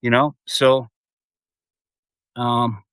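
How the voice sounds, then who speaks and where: Man, mid-pitched, excitable rambling live streamer, casual swearing, dry untreated sound. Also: drawn-out words, clear, resonant tone, dry recording. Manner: rambling, excitable, swears freely, many fillers.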